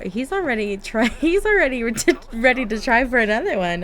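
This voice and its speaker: A woman's voice: on the high side, lively intonation, a little fast, few pauses, a bit bright. A woman doing casual, chatty gameplay commentary from her home office, giggling and talking to her game characters. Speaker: gaming YouTuber.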